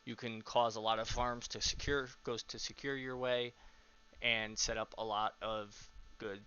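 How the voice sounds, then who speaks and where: A man's voice: fairly low pitch, bright, forceful tone, smooth, highs cut off. A young man casually coaching teammates over a voice call, explaining step by step with lots of um fillers.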